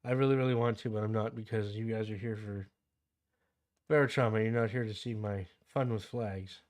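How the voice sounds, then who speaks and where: A man's voice: fairly low pitch, steady tone, brisk, a little mellow. Rambling Canadian man streaming a game. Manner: rambling, digresses into anecdotes, reads chat aloud. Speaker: livestream host. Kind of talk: casual livestream chat about a game.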